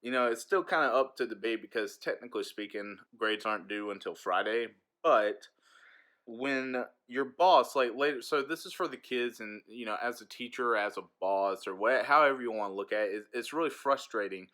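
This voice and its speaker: Chatty man with a bright voice. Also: mid-range voice, moderate pace. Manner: chatty, frank, storytelling. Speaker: eighth grade teacher. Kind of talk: casual vlog. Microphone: handheld phone.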